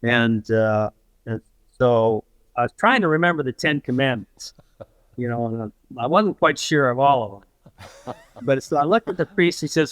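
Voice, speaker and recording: A man, a podcast guest, telling a story in a conversational way, often pausing and restarting as he acts out what others said. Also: mid-range voice, lively intonation, no room sound. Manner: anecdotal, acts out quoted dialogue with halting restarts.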